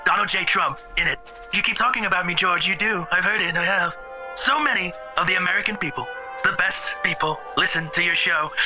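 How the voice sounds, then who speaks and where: Brief: man putting on a bragging president impression, high voice, self-praising, lo-fi clip with music. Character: boastful male impression of a US president. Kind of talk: comedy phone-call impression.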